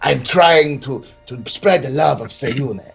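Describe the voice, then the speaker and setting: A man playing a tabletop game in character, talking haltingly with many restarts. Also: mid-range voice, vocal fry, slightly rough, soft background music. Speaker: player.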